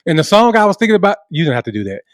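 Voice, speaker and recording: A man's voice: a little high, very animated, very fast, no echo, studio quality. A male podcast co-host in casual, laid-back chat, teasing his partner.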